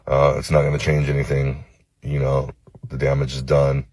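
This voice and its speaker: A man from Los Angeles recording a phone-camera apology video, halting and cursing, with many pauses and fillers. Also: a bass voice, monotone, darkish tone, no room sound. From Los Angeles, United States. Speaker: vlogger.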